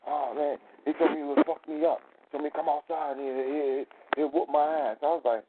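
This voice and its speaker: Animated storyteller, male, slightly high voice, phone-quality audio with light hiss. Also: moderate pace. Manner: animated, profane, acts out quotes in a raised voice. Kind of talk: casual storytelling talk. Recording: phone-like line with faint noise.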